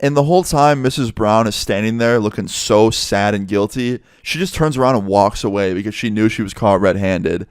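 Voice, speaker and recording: Profane, animated male storyteller. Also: on the low side, normal speed, few pauses, smooth, no echo, clean studio sound. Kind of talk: casual storytime narration.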